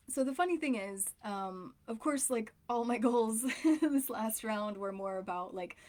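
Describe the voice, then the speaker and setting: A woman's voice: a little high, takes it slowly, darkish tone. A woman in her thirties, a relationship coach, talking candidly and emotionally, rambling with frequent fillers. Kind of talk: casual personal talk to camera.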